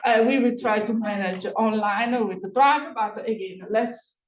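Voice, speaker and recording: A woman's voice: fairly high pitch, a little slow. Woman moderator with a delivery. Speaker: event moderator. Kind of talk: formal introduction of a speaker. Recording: echoey hall, dull lo-fi sound.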